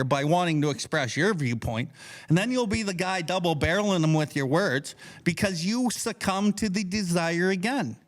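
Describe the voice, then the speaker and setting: Brief: male podcast co-host, fairly high voice, blunt and profane, teaches casually and acts out his inner voice. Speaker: podcast co-host leading a recovery book study.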